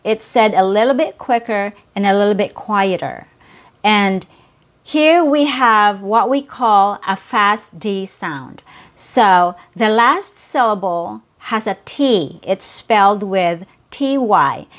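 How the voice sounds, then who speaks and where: A woman's voice: mid-range voice, expressive, slow pace. A woman teaching English pronunciation, patiently repeating and drilling each sound. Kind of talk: slow, careful pronunciation lesson.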